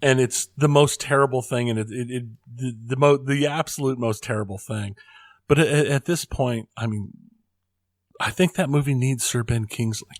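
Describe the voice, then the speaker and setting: A man in mid pitch co-hosting a casual podcast, making wry, offhand quips. The recording is close and dry. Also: normal speed, no room sound. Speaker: podcast co-host. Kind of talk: casual chat.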